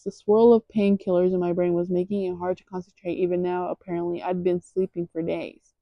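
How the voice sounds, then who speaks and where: A woman's voice: lowish voice, flat delivery, brisk, dry recording, dull audio. A young woman casually reading a novel aloud as an amateur audiobook, stumbling over words and stopping for chatty asides.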